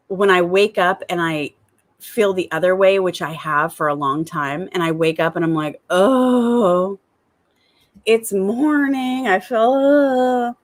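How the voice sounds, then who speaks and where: A woman talking to her viewers in an upbeat, enthusiastic gratitude vlog, returning again and again to the same warm phrases. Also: fairly low pitch. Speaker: spiritual coach.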